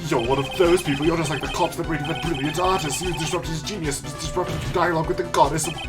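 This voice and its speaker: A man's voice: fairly high pitch, steady tone, quick pace, distant mic, lightly acted. A man voicing a pompous, indignant and self-important male witness, with game music behind.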